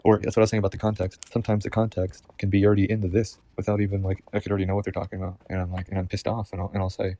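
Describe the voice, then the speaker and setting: A man's voice: fairly low pitch, monotone, rapid-fire, few pauses, dark tone, no room sound. A man talking to camera in a rambling, agitated personal monologue, swearing constantly and repeating himself. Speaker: vlogger.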